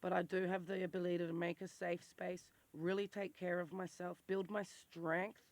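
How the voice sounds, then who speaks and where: A woman's voice: fairly low pitch, little pitch movement, moderate pace, no room sound. A woman talking in a raw, emotional confessional vlog and swearing freely. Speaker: vlogger.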